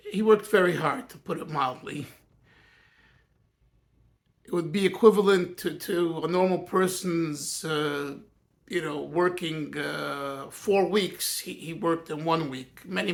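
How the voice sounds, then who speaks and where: A man, a Yiddish speaker, reminiscing in a personal talk as a rabbi, earnest and halting with many restarts. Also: fairly high pitch, steady tone, vocal fry, fairly bright tone. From United States.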